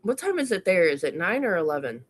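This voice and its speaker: A woman's voice: fairly low pitch, big pitch swings, fast talker. Profane, rambling woman co-host. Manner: swears freely, rambling self-corrections. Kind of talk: casual storytelling chat.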